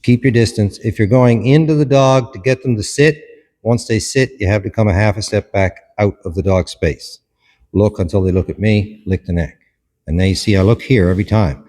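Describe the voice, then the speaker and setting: A man's voice: on the low side, moderate pace, dark tone, long reverb tail. A man, a dog behaviourist, explains a hands-on dog training demonstration in short instructive steps and commands.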